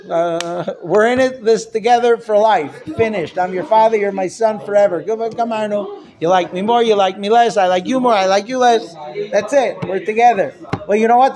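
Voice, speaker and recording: A man teaching a Torah class as a rabbi, animated and conversational, acting out little scenes in different voices. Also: high voice. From Israel-based.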